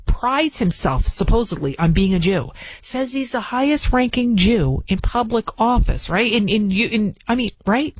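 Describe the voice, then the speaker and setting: A woman's voice: fairly high pitch, husky, no room sound, rough recording. A woman hosting a political commentary show, delivering an indignant, emphatic opinion monologue full of repeated rhetorical questions.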